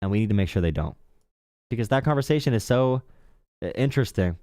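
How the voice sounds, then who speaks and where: A young man from the Appalachian coal region hosting a live political call-in show, talking fast with many fillers and restarts. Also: on the low side, animated, warm tone, no room sound, studio quality. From Appalachian coal region, USA. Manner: rapid, lots of fillers and restarts. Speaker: political talk show host.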